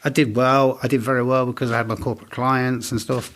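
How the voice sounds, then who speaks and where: A businessman in his forties tells his stories with animated energy. He slips into the voices of the people he quotes, keeping an easy, conversational tone throughout the interview. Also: medium pitch, moderate pace. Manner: animated anecdotes, acts out quoted dialogue. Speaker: business owner guest. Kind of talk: casual storytelling interview.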